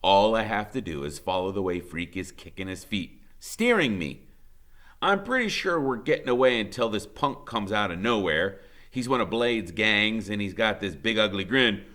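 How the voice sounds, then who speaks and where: Bright, lively storytelling man. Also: on the low side, moderate pace. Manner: hushed, dramatic first-person narration. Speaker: teacher reading aloud. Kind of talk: reading a novel aloud.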